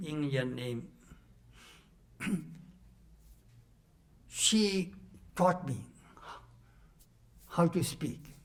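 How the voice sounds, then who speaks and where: Animated older man telling stories. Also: on the high side. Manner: animated, laughing storyteller. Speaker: monk recalling his teacher. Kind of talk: storytelling talk to a retreat audience.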